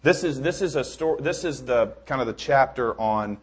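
A man's voice: medium pitch, expressive, normal speed, slightly rough. A man preaching a sermon in a casual, rambling way, with joking asides and many restarts.

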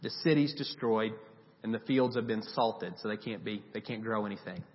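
A man preaching a sermon, retelling Bible stories in a lively, animated way and giving the people in them voices. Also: lowish voice, moderate pace. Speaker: pastor. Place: church sanctuary. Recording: dull recording with long reverb.

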